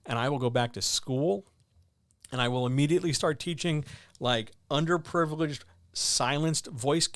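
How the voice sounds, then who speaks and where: A man hosts a writing-advice livestream, fielding viewer questions in casual chat that's blunt and sardonic. He's animated, and his pitch leaps suddenly. The recording is clean studio sound with no echo.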